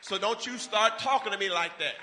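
Man, preacher, sermon, bright ringing voice, high pitch. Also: a little hiss or hum. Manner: rising to loud, drawn-out preaching with call-and-response.

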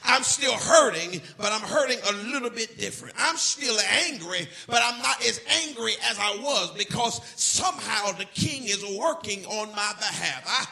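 Male pastor for a church service: high, very bright voice, folksy storytelling delivery aimed at the congregation. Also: animated, normal speed, vocal fry, hardly any pauses. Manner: folksy storytelling preacher, speaks straight to the congregation. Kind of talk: sermon.

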